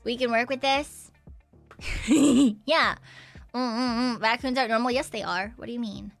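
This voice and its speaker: Bright-pitched woman streamer, playful casual chat, giggles and repeated yeses, soft music underneath. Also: unhurried, gravelly.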